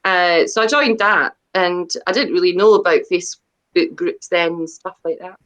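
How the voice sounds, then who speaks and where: A woman's voice: fairly low pitch, moderate pace, fairly bright tone, muffled recording. A middle-aged woman, a debut author chatting as an interview guest, talking in a rambling, self-deprecating way with many fillers and restarts. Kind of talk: casual interview chat.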